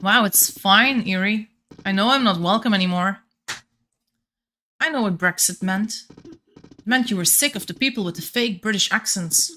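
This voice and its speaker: A woman's voice: mid-range voice, normal speed, pauses often, bright, forceful tone, slight background noise. A young woman with a light Flemish accent, chatting casually and thinking aloud while playing a game on stream, often restarting her sentences.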